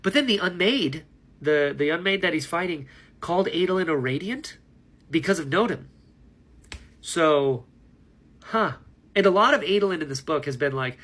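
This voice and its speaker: A book vlogger with a slightly bright, animated voice on the high side talks at a moderate pace to camera. He gives a casual reaction to his current read, rambling excitedly and poking fun at himself with laughs.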